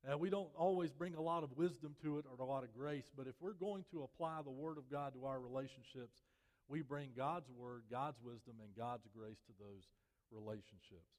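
A man preaching a sermon as pastor, measured and earnest, letting his voice fall softly at the ends of phrases. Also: mid-range voice. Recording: long reverb of a church hall.

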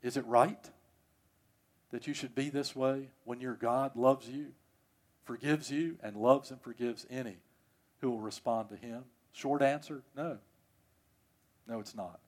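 A male pastor preaching a sermon in church. He swings between loud, emphatic passages and hushed ones. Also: medium pitch, steady tone, measured pace, long pauses. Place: church, service also streamed.

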